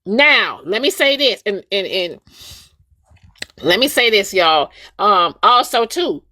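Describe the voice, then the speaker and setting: A woman's voice: mid-range voice, slow, dry recording, studio quality. A woman hosting a livestream, talking casually and emphatically to her viewers and repeating her points. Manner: animated, repetitive, emphatic addressing of viewers. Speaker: livestream host.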